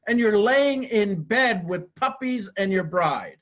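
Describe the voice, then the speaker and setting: A man giving a live talk to a group, animated and casual, acting out quoted voices and swearing now and then. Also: high voice, normal speed, few pauses, dull audio. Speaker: motivational speaker.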